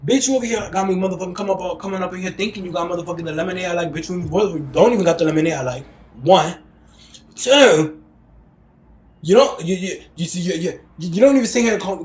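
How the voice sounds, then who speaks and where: A woman's voice: fairly low pitch, fast, a little mellow, a little hiss or hum. A woman hosting a podcast, telling a story in casual, blunt and profane talk and acting out the people she quotes. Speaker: podcast host. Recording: roomy echo.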